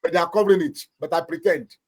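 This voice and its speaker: On a talk show, a Nigerian-accented pastor and marriage counselor hands out emphatic marriage advice. His voice sits on the high side and moves quickly, and his preacherly delivery includes acting out small anecdotes.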